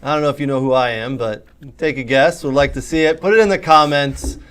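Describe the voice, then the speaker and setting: A host putting on a raspy English accent that drifts toward Australian, playing a gruff foul-mouthed football man who barks insults at the viewers. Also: mid-range voice, fairly quick, a bit bright, close to an everyday voice. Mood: gruff barking. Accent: put-on English, drifting Australian. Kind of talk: costumed show opening.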